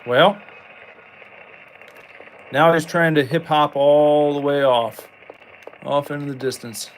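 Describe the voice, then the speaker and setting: A man streaming a survival horror game, chatting casually with rambling jokes and sudden excited outbursts. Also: on the high side, takes it slowly, slight background noise, poor audio. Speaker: gameplay streamer. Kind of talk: casual gameplay commentary.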